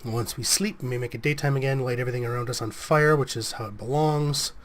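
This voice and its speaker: A man's voice: mid-range voice, fairly even intonation, fast talker. Sniffly man rambling through gameplay. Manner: rambling, self-correcting, chatty. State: sniffly with a cold coming on. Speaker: let's play host. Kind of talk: casual gameplay commentary.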